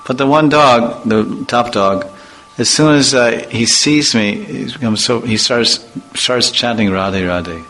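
A man's voice: medium pitch, a little slow, bright, forceful tone, low-quality recording. A man giving an informal religious talk, telling chatty, playful anecdotes and acting out voices. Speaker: devotional speaker.

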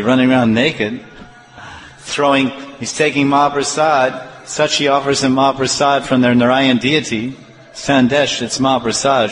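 A man giving a devotional sermon as a spiritual teacher, animated and acting out the voices of others in his examples. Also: mid-range voice. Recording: roomy hall with long reverb.

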